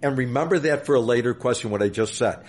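A man's voice: medium pitch, quick pace, darkish tone. An older man, an interview guest telling a long story with many fillers and restarts. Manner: rambling anecdotes with many fillers.

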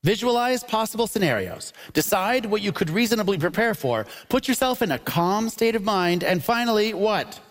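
A man hosting a live comedy panel show, upbeat and punny, quick to laugh at his own jokes. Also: high voice, lively intonation. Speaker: game show host. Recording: noisy live audience recording. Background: audience laughter.

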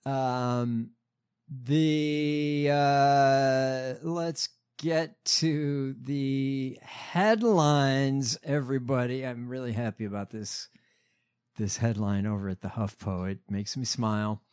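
A man's voice: medium pitch, fairly even intonation, slow pace, a little mellow, smooth. A man hosting a casual political commentary show, sarcastic and rambling, with many fillers. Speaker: podcast host.

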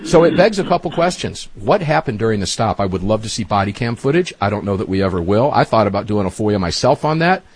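A man's voice: fairly low pitch, sing-song, fast, hardly any pauses, breathy edge. A man hosting a talk radio show, emphatic and folksy, speaking straight to his listeners.

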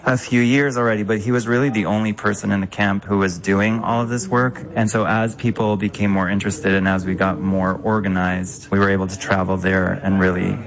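A man who organizes a yoga program, speaking in a relaxed, conversational way in a documentary interview. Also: on the low side, a little fast, few pauses, crowd noise, poor audio.

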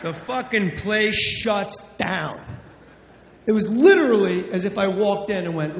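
A man with a high voice delivering brash, profane stand-up. The sound is roomy and echoing, with the long reverb of a hall and faint room noise behind. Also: lively intonation, unhurried. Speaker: stand-up comedian. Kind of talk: stand-up storytelling. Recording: roomy live hall with audience laughter.

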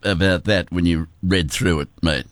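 An older Australian man hosting a weekend radio show, friendly and halting, with lots of fillers. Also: deep voice, dry recording. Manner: friendly, hesitant with many fillers. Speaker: radio host. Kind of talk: casual radio interview.

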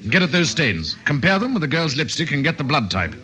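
An actor playing a brisk, shrewd male police inspector giving crisp orders in an old radio drama. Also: a little high, sing-song, crowd noise. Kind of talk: 1950s radio drama acting.

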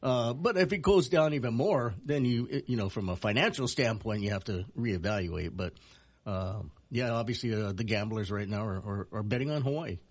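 Husky male co-host, laid-back and wry about the betting lines. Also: lowish voice, normal speed. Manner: relaxed, wry, self-mocking. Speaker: sports radio co-host. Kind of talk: casual studio banter.

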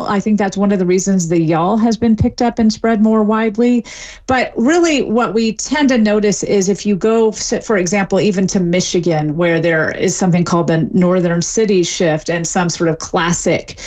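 A middle-aged woman speaks as an expert guest on a radio interview. She explains things clearly and articulately, with an easy, lightly amused tone. Her voice sits at a middle pitch. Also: darkish tone. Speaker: linguistics professor and guest.

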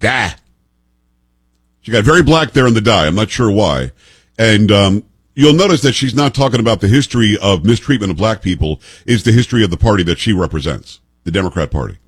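A man's voice: fairly low pitch, expressive, fast talker, breathy edge, no echo. A man in his fifties hosting political commentary, emphatic and sarcastic, firing off pointed rhetorical questions. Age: 50s.

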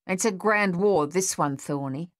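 A woman voicing a sardonic male machine-gunner with dark humour, in an audiobook. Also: high voice, measured pace, dry recording. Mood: wry. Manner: dry and sardonic.

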